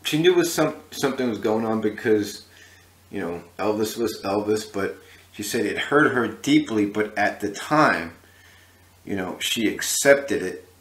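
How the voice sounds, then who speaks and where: A man's voice: fairly low pitch, lively intonation, measured pace, a bit bright, reverberant. A man hosting a history channel, telling a story casually to the camera with many fillers and restarts.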